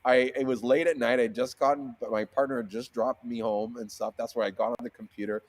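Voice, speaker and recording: A man telling a story in casual conversation, swearing freely, restarting his sentences and acting out the voices of the people in it with big jumps in pitch. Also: steady tone, brisk. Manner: fillers and frequent restarts. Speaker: seamoss seller, guest. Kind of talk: animated storytelling in a casual interview.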